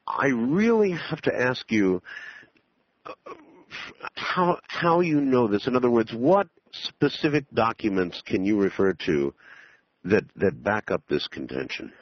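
A man hosting a radio interview, asking his guest measured, probing questions. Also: mid-range voice, animated, breathy edge. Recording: dull, dry radio audio.

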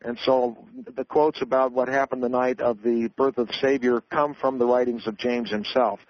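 A man's voice: mid-range voice, flat delivery, normal speed, no room sound. A man, an author, explaining his views in a radio interview in an earnest, lecturing way, often restarting his sentences. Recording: dull, dry radio audio.

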